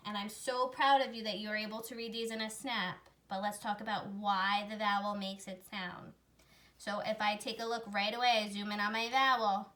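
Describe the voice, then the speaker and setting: A woman teaching a phonics lesson to young readers, sounding out words slowly and clearly. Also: medium pitch, steady tone, a bit bright. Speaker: reading teacher. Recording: voice a little far from the mic.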